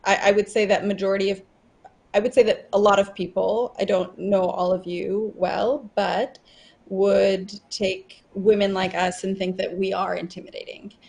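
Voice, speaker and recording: A woman's voice: mid-range voice, flat delivery, moderate pace, creaky, a little mellow. A woman on a discussion panel, chatty and affirming of the other speakers.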